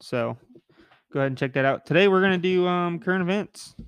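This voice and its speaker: A man's voice: sits high, clear, resonant tone, dry recording. A man hosting a casual podcast, talking in a joking, rambling way with a nasal voice. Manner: joking, rambling, quick asides. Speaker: podcast host.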